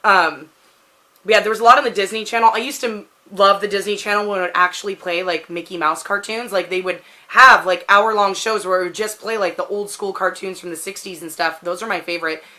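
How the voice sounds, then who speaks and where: This casual question-tag chat comes from a thirtysomething vlogger with a Pacific Northwest American accent. Her medium-pitched voice is steady, pushed and bright, a little fast, and her rambling talk is laced with "like."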